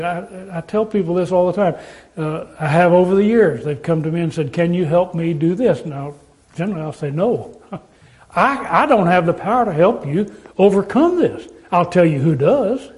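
A man with a fairly high voice preaches a sermon. He talks in an emphatic, repetitive way and pauses and restarts as he makes each point. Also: darkish tone.

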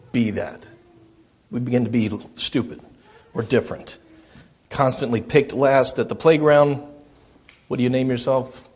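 A man's voice: mid-range voice, a little mellow, breathy edge. A middle-aged man preaching a sermon as a pastor, earnest and self-deprecating, often repeating his phrases.

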